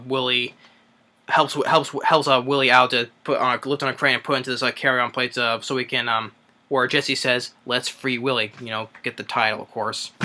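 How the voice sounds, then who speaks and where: A man's voice: mid-range voice, bright, forceful tone. A young man casually recapping a film's plot, rambling with lots of fillers and restarts. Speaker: movie reviewer. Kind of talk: casual spoken movie recap.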